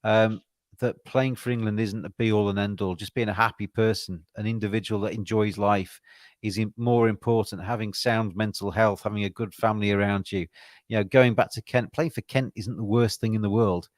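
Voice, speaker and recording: A man's voice: lowish voice, steady tone, normal speed, no room sound, clean studio sound. A man co-hosting a podcast, talking cricket in an earnest, rambling way with frequent restarts. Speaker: podcast co-host. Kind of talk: casual cricket chat.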